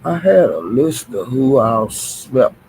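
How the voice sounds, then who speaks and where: Gravelly-voiced man, exasperated gossip livestream. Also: medium pitch, sing-song, takes it slowly, darkish tone, a little hiss or hum, rough recording. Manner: exasperated, dramatic, sighs and exclamations. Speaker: livestream host.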